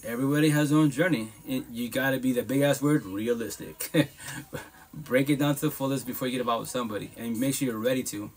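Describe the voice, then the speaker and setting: A man's voice: medium pitch, fast. A man hosting a live podcast stream, talking bluntly and profanely in a casual monologue, with emphatic asides. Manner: blunt, profane, emphatic talk with frequent laughs.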